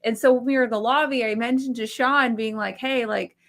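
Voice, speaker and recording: A young woman co-hosting a podcast, telling a story in an animated, casual way with lots of fillers and swearing. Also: fairly high pitch, fast talker. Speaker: podcast co-host.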